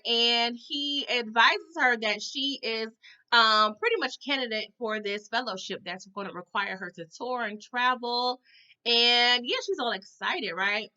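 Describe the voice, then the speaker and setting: An animated woman chats through a TV episode recap with dramatic flair, punctuating her lines with "okay?" and "all right?". Her voice is bright and sits a little high. The audio is dull and lo-fi. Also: clean tone. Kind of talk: casual recap commentary.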